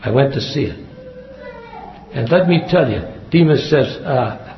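A man's voice: mid-range voice, animated, a little slow, vocal fry. A man preaching a sermon in an earnest way, repeating key phrases for emphasis. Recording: echoey hall, dull lo-fi sound.

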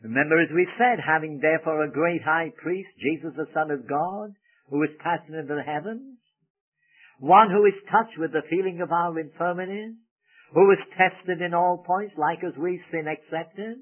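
Male preacher, emphatic and earnest, husky, tinny old radio sound. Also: fairly high pitch, moderate pace. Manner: earnest, emphatic, swells loud on key phrases then drops soft. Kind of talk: sermon.

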